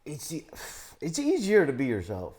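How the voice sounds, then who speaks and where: A man, a comedian chatting as a podcast guest, animated and acting out his friends' voices. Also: on the high side, moderate pace. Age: 40s. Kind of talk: casual podcast chat.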